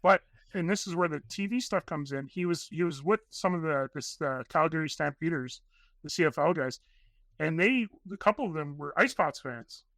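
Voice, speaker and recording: An excitable man rambles through one story after another on a podcast, slipping into the voices of the people he quotes. His voice sits a little high with a bright, forceful edge, and the sound is dry and close. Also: normal speed, no room sound. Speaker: podcast guest, documentary filmmaker. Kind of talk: casual interview storytelling.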